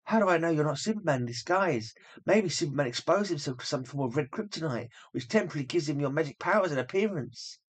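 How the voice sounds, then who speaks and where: A man voicing Lois Lane as a curious, suspicious young woman while reading a comic book aloud, with excited, questioning exclamations. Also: fairly high pitch, fast, husky.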